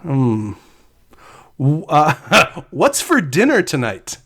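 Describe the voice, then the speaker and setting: A man's voice: a little high, wildly swooping pitch, extremely slow, fairly bright tone, husky. A man co-hosting a podcast in casual chat, hesitant, with many restarts. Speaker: podcast co-host.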